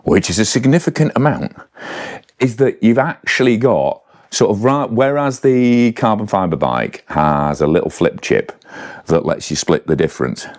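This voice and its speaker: A man's voice: fairly low pitch, expressive, moderate pace. A man casually talking through a bike's specs to camera, chatty and rambling, with self-corrections and asides. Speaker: bike reviewer. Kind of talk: casual spec walkthrough to camera.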